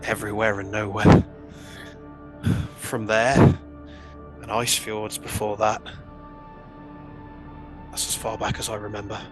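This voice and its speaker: A man's voice: on the low side, level tone, measured pace, long pauses, over music, lightly acted. A man voicing a broken, shell-shocked male bandit prisoner in a tabletop game, weary and clipped.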